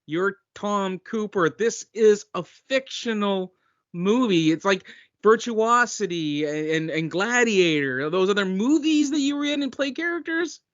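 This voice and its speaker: A man's voice: high-pitched, animated, measured pace, a bit bright, dry recording, highs cut off. A man playing a stammering film director. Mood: flustered. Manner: stammering, flustered, many restarts. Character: flustered male film director.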